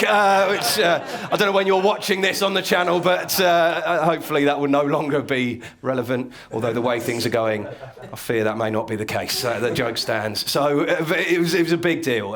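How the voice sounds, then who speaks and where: A man's voice: fairly high pitch, a bit bright. A man giving a stand-up comedy lecture to a live audience, telling stories in a dry, wry way and chuckling at his own lines.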